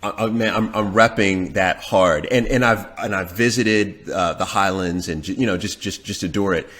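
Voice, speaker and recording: A man speaks as a podcast guest in a somewhat low voice. His talk is casual and halting, with words doubled and tripled as he works toward his point. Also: fairly bright tone. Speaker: podcast guest, dating expert.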